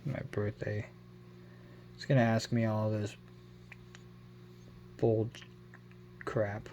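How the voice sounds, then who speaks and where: A man's voice: on the low side, little pitch movement, slow pace, darkish tone, slight background noise. A man giving a casual phone review, rambling and correcting himself as he goes. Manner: rambling, self-correcting, unsure of his numbers. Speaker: tech vlogger.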